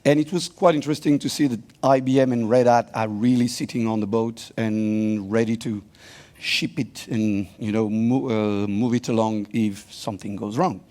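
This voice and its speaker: A man with a French accent, a native French speaker, co-presenting on a conference stage and explaining calmly. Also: lowish voice, moderate pace. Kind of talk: live panel-style chat on stage.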